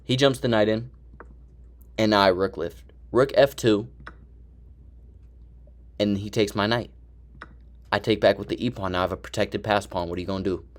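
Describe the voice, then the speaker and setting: A young man excitedly giving play-by-play commentary on his own chess game, talking to himself as he goes. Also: fairly low pitch, moderate pace, pauses often. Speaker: chess streamer.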